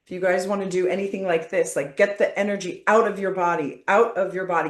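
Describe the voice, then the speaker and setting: A woman facilitating a guided body-work session, coaching calmly and often checking in with "okay?". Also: on the low side, quick pace, reverberant.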